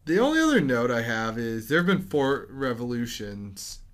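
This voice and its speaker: A man's voice: medium pitch, big pitch swings, a little hiss or hum. Man, podcast co-host, casual movie chat, chatty, throws in impressions. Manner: chatty, doing quick impressions.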